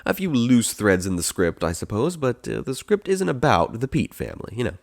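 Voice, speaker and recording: A man hosting a podcast, recapping an animated film in a casual, wry, digressive way with frequent filler uhs. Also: mid-range voice, fairly quick, gravelly. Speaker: podcast host.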